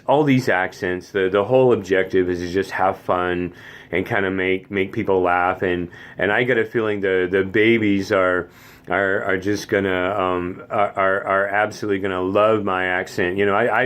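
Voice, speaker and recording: A man's voice: fairly low pitch, normal speed. A man talking casually in a goofy, rambling way, showing off his silly voices. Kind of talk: casual comedic monologue.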